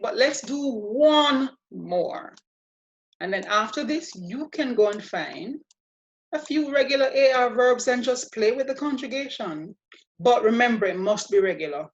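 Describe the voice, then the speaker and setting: A woman's voice: fairly high pitch, lo-fi sound. A woman teaching a language lesson, walking through each step with patient, playful explanations. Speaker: Spanish teacher. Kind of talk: slow, deliberate language lesson.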